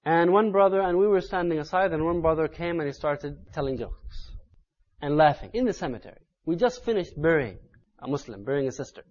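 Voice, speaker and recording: High-voiced man preaching earnestly. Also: lively intonation, fairly quick, muffled recording. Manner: earnest, building to loud, urgent emphasis. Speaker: Islamic preacher. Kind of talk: sermon.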